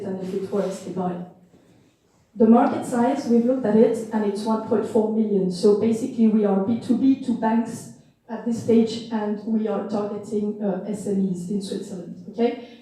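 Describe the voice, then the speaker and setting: Hoarse woman pitching in an echoey hall. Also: mellow. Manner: frank, emphatic, apologizes in passing. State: losing her voice. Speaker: startup pitch presenter. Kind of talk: pitch presentation. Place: event hall. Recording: echoey hall, distant mic, faint noise.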